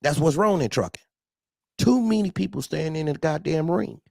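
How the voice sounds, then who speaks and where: A man hosting a casual talk show about trucking, blunt and animated, talking in street slang and often laughing. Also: on the high side, normal speed, vocal fry, no room sound, studio quality.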